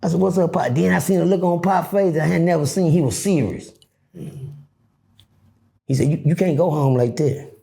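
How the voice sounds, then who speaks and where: A middle-aged man telling prison stories in an animated way, acting out other people's voices and swearing freely. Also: moderate pace, gravelly, pauses often. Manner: acts out voices, swings pitch widely, swears freely. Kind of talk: animated storytelling.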